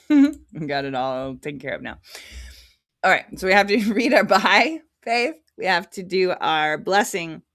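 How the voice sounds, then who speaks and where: A woman's voice: lowish voice, very animated, a little slow, a bit bright. A woman hosting a casual livestream, reading scripture aloud with frequent giggles and chatty asides. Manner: giggly, chatty, prone to tangents.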